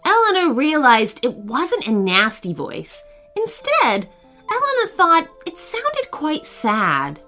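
A woman narrating a children's story in a gentle, expressive reading voice. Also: high-pitched, slow pace, faint music behind.

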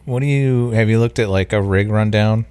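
A man's voice: fairly low pitch, moderate pace, a little mellow, clean tone. A man in casual conversation who mostly gives short replies and asks follow-up questions. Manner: brief backchannel, asks questions.

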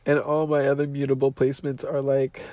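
A man's voice: medium pitch, completely flat delivery, a little fast, warm tone, no room sound. A man hosting a podcast in a casual monologue, nasal and teary from crying, talking in a profane, dramatic and emotional way. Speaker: podcast host.

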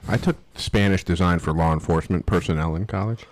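A man's voice: sits low, fast talker. A man in his forties, co-hosting a podcast and telling rambling stories with wry jabs. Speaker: podcast co-host. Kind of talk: casual joking chat.

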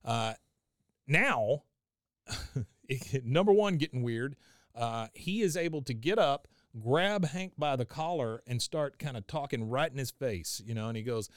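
Wry, animated man recapping. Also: medium pitch, measured pace, no room sound, clean studio sound. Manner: animated, wry, laughs often. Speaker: podcast host. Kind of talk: casual episode recap.

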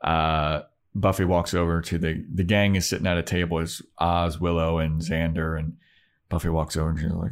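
A man co-hosting a podcast, casually recapping TV scenes with quick character voices and casual swearing. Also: low-pitched, level tone. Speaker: podcast co-host.

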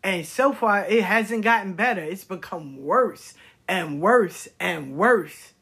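A woman's voice: mid-range voice, lively intonation, slow pace, a bit bright, husky. A middle-aged woman talking bluntly in a personal commentary vlog, swearing and repeating words for emphasis. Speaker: vlogger. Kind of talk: candid personal commentary monologue.

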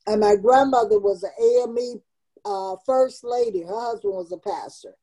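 A woman's voice: mid-range voice, normal speed, gravelly, mellow, rough recording. A woman in her seventies, a community founder, telling her life story in an interview with earnest, emotional emphasis. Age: 70s.

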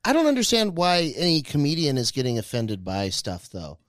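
A man's voice: on the high side, wildly swooping pitch, fairly bright tone, no echo, clean studio sound. A man, a comedian co-hosting, chatting casually and laughing easily on a podcast. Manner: quick to laugh, chatty reactions.

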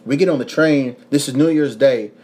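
Speaking at normal speed with a medium-pitched voice, a young Kentucky-accented podcast host from Kentucky, USA, spins a rowdy story in casual conversation. He curses freely and animates the tale with voiced quotes.

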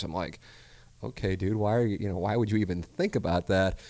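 Deep-voiced chatty man, laughing storyteller. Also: fairly quick. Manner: animated storyteller, laughs often. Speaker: podcast host. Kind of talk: casual chat.

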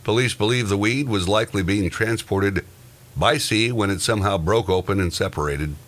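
A man with a very deep voice reads quirky news items aloud. He turns them into casual, joking banter with his co-host. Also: normal speed, fairly bright tone. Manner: reads odd news items then jokes about them.

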